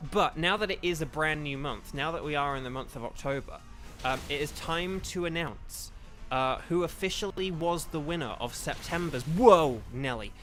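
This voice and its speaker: A man's voice: fairly high pitch, a bit bright. An English man chatting casually to his viewers while playing a game, rambling and easily sidetracked, with lots of ums and restarts. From England. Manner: chatty, distractible, full of fillers and restarts. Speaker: streamer. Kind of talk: casual livestream chat while gaming.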